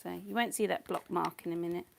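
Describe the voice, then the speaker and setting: A middle-aged woman chats while she paints, rambling and drifting off into soft whispers. Her voice sits at an ordinary pitch with a gravelly edge. Faint hiss and small clicks sit behind her. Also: steady tone, fast talker. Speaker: painting channel host. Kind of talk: casual chat while painting.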